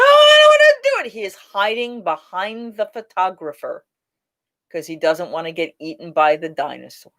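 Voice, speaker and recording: Animated woman telling stories on a live stream. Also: on the low side. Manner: animated, laughing storyteller who acts out quotes. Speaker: host of a live chat. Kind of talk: casual live-stream storytelling.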